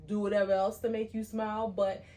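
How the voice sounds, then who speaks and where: A woman co-hosting a podcast, speaking gently and supportively to her partner, a little halting. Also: medium pitch, little pitch movement. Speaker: podcast co-host. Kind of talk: casual chat.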